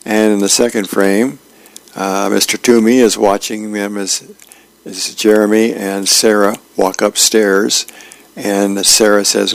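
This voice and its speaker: A man with a low, gravelly voice reading newspaper comic strips aloud. His delivery is plain and unhurried, with the odd filler, and the sound is dry and close. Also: flat delivery, dry recording.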